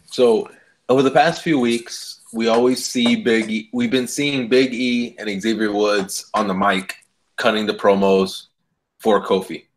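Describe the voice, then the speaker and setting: A man's voice: fairly low pitch, steady tone, measured pace, slight background noise. A man co-hosting a casual podcast, ranting heatedly with lots of swearing. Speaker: podcast co-host. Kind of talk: casual wrestling chat.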